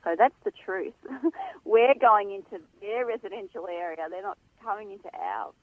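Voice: medium pitch, moderate pace, no room sound. Phone guest, emphatic, indignant, tinny phone line, dry sound. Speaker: guest, animal welfare advocate. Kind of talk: phone interview. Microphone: telephone.

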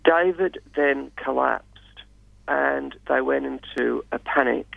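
A man speaking as a radio guest in a measured, hesitant way with many fillers. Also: mid-range voice, creaky, no echo. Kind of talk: radio interview. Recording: dull lo-fi radio sound, dry.

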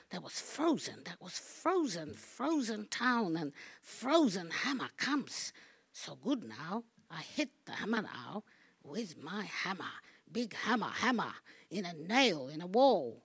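A woman giving a rambling, free-associating spoken performance, repeating words and phrases, halting and restarting, with sudden loud bursts. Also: medium pitch, sing-song, breathy edge, no echo.

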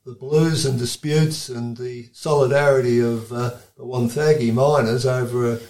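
A man's voice: mid-range voice, fairly even intonation, moderate pace, a little mellow. Male interviewer in a roomy space. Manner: prompting, explains context for listeners. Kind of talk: interview questions. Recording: roomy echo.

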